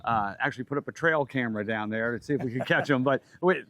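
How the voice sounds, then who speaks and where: A man speaking as an interview guest, plain and a little hesitant, pausing with "uh". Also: mid-range voice, fairly bright tone, no echo. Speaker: lodge member, guest. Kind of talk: casual interview.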